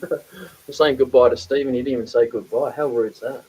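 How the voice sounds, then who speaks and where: A man's voice: mid-range voice, fairly even intonation, moderate pace, mellow, breathy edge. A man hosting a live stream, teasing his guests and laughing often. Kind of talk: casual live-stream chat. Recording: dull lo-fi audio.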